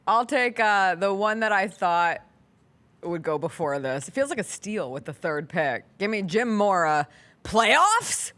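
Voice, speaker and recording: A woman hosting a sports talk show, trading wry, quick banter and laughing often. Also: on the low side, animated, a bit bright. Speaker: sports radio host. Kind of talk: casual sports chat.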